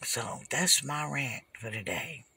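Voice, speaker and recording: An older woman, ranting as a delivery driver from her parked car in an animated, repetitive way, swinging from shouting to whispering. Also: extremely low pitch, slow, vocal fry, slightly rough. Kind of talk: ranting vlog.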